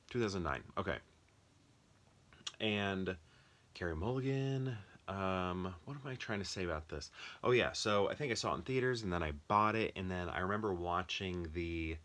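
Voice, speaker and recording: A man's voice: low-pitched, a bit bright. A young American man chatting casually about his movie collection, thinking aloud with lots of ums and restarts. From United States. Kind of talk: casual rambling commentary.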